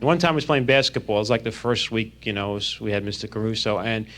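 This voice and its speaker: A man telling fast stand-up stories about his school days, on a crackly vinyl record. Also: on the low side, fairly bright tone. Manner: fast anecdotal delivery. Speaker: stand-up comedian. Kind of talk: stand-up storytelling.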